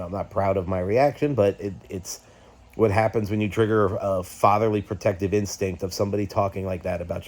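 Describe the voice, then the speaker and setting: A man's voice: on the low side, a little mellow. Heated middle-aged man venting on a vlog. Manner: agitated, swearing, halting with many fillers. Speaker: YouTube host. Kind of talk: candid personal vlog rant.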